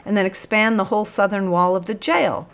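A woman voicing a quick, eager male police corporal who fires back replies in a storybook reading. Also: medium pitch, fairly even intonation, pitched above the performer's own voice, close to an everyday voice.

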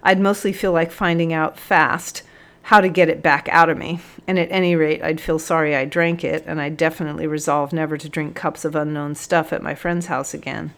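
A woman's voice: low-pitched, level tone, a little fast, creaky, fairly bright tone. A woman doing a weary, exasperated captain. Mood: wry. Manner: exasperated, groaning.

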